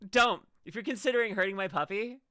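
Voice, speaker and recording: A woman's voice: fairly low pitch, animated, fairly quick, bright, forceful tone, dry recording, studio quality. A woman streamer chatting casually while reacting to a video, rambling with stammered restarts.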